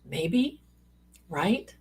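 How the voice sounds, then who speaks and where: A woman chatting on her live stream in a husky, slightly breathy voice, taking her time. She rambles through stories with playful asides and calls her viewers pet names. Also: lowish voice, big pitch swings, very slow, a little mellow. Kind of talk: casual live-stream chat.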